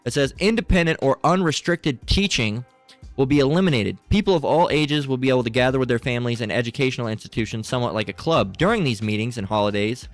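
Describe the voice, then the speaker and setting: A man's voice: mid-range voice, quick pace, faint music behind. A middle-aged man in a crude, profane, rambling commentary, reading text aloud and asking "right?" a lot. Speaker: channel host.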